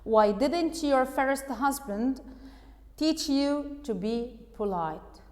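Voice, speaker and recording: A woman voicing a rude, lazy middle-aged man who talks slowly and dismissively, read from a storybook in a lesson. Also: sits high, lively intonation, a little mellow, long reverb tail. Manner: slow, dismissive, insulting.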